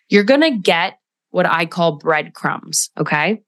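Slow, low-voiced woman coaching on a podcast. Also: expressive, no room sound, clean studio sound. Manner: reflective, coaching tone with frequent "right?". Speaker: podcast host. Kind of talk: solo podcast monologue.

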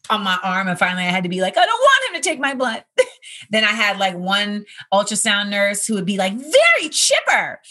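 A woman's voice: mid-range voice, fairly bright tone. A woman in her thirties, a comedian hosting a podcast, chatting casually in a rambling, conversational way. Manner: rambling, conversational, filler-heavy. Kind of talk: casual chat.

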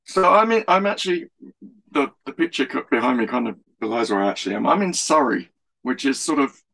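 A man's voice: medium pitch, animated, fairly quick, gravelly, a bit bright, low-quality recording. A man from London hosting a casual music podcast over a video call, rambling along with many ums. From London, England. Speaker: podcast host. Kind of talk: casual chat. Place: home in Surrey.

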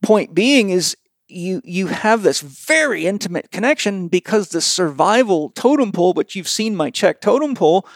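A man's voice: a little high, creaky, no room sound, clean studio sound. A man who speaks bluntly and with profanity, telling stories as he explains in a casual conversation. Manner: blunt, profane, animated storyteller. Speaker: guest practitioner.

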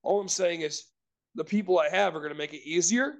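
Casual podcast co-host, male, high voice, rambling storyteller who swears freely. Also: fairly quick. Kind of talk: casual chat.

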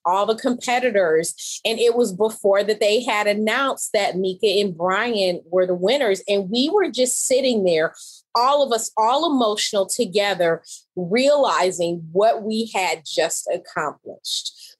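A woman designer chatting in an interview, telling animated, emphatic stories. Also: medium pitch, a little slow, slightly rough, rough recording. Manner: animated, emphatic storytelling, laughs often. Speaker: interior designer, show competitor. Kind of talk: casual interview chat.

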